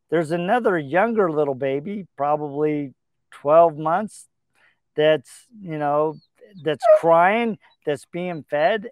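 A man's voice: a little high, clear, resonant tone, no echo, studio quality. A middle-aged man hosting a relationship advice talk, telling stories earnestly and acting out the dialogue. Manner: earnest storytelling, acts out quoted dialogue. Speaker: podcast host.

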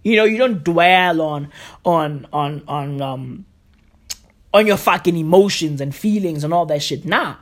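A woman's voice: sits low, unhurried. A woman ranting comedically in loose, profane slang, full of fillers and restarts.

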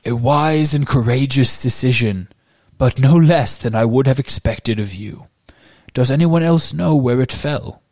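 A man voicing a kindly old male wizard headmaster, speaking slowly and gently. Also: medium pitch, no room sound, clean studio sound.

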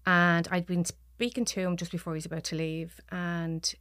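A woman with a Dublin Irish accent, a podcast guest telling a personal story, soft-spoken and often dropping to near whispers. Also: lowish voice, flat delivery, normal speed, no echo, studio quality. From Ireland.

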